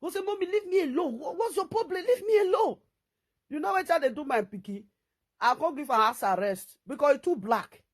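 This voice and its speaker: A middle-aged woman with a Nigerian Pidgin accent, ranting to camera in a scolding, repetitive, animated way as a vlogger. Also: high voice.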